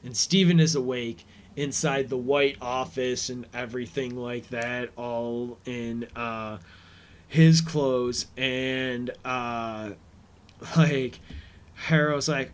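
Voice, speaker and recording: A man's voice: medium pitch, steady tone, slow pace, clear, resonant tone. A man hosting a podcast, recapping a TV episode in a rambling, casual way and paraphrasing scenes. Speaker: podcast host.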